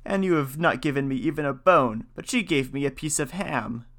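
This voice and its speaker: A man reading a folktale, voicing a gruff, wise house cat who calmly gives instructions. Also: medium pitch, moderate pace. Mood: advising. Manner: calm, instructive.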